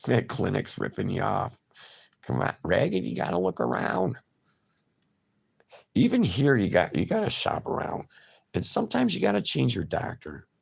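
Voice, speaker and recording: A man's voice: on the low side, wildly swooping pitch, moderate pace, vocal fry, long pauses, slightly rough. A man hosting a casual livestream, chatting loosely and answering viewer comments by name. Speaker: livestream host.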